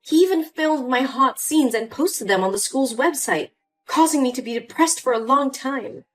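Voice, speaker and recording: Casting: a woman playing a pleading young daughter, high-pitched and very expressive, faint music behind. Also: moderate pace. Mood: upset. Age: young adult. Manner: pleading and indignant. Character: hurt young adult daughter, pleading and upset. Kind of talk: scripted story voice acting.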